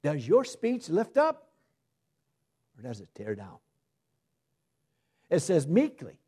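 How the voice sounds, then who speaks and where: A man preaching a sermon, shifting from loud emphasis to soft asides. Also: a little high, huge pitch swings, takes it slowly, slightly rough.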